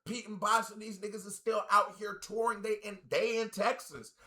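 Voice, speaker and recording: A man with a bright, high-set voice talks casually over a rap track he is reacting to. He gets excited quickly and jumps into loud, high-pitched exclamations before settling back down. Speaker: music reaction YouTuber.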